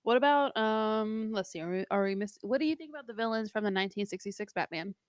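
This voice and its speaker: A woman's voice: medium pitch, animated, quick pace, clean tone, no echo. A woman with a mid-range voice who co-hosts a podcast. She talks in a chatty, rambling way and fills her sentences with lots of fillers. The recording is dry and close. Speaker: podcast co-host. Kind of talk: casual chat.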